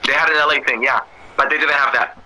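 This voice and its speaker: A man with a hoarse voice in loose, laughing casual chat as co-host, swearing freely. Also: mid-range voice, fast talker, bright, forceful tone, rough recording.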